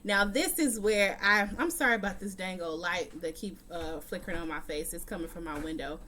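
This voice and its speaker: A woman recaps a TV episode in a casual, chatty vlog from a room at home, blunt and swearing often. Her voice is fairly low, brisk, bright and forceful, with slight background noise.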